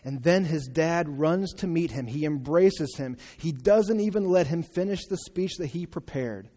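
A man preaching a sermon in an animated, exclaiming way, acting out the voices in his story, in a church hall. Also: fairly high pitch, unhurried. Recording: long reverb of a large hall.

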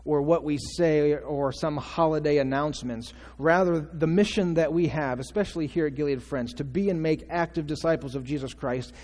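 A man's voice: on the high side, normal speed, hardly any pauses, a little mellow. A male pastor preaching a conversational sermon, asking the congregation questions and acting out quotes. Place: church sanctuary. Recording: long church reverb.

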